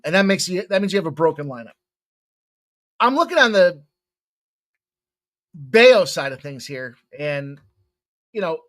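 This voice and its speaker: A man with a fairly high, lively voice talks through sports betting picks in a loose, rambling way. He jokes and swears casually as he goes, and his pitch swings up and down constantly.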